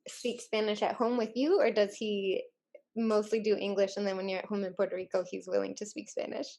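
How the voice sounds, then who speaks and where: Host voice: calm woman, mid pitch, steady questions and agreement. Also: a little fast. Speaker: podcast host. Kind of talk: casual interview conversation.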